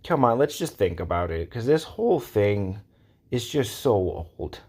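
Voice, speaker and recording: A man's voice: fairly low pitch, very animated, a little slow, darkish tone, breathy edge. A man ranting to camera in a casual, exasperated way, repeating his points and asking rhetorical questions. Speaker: vlogger. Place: Los Angeles area.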